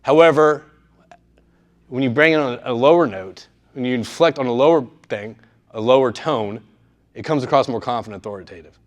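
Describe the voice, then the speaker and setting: A man's voice: medium pitch, fairly quick. A man giving a live presentation to students in a room, speaking conversationally and often checking in with his audience. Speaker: workshop speaker.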